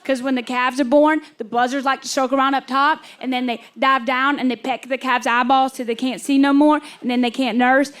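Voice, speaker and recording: A woman's voice: high voice, clean tone. A young woman from Kentucky performing a stand-up comedy set, telling a story with playful quoted voices. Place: comedy club stage with audience.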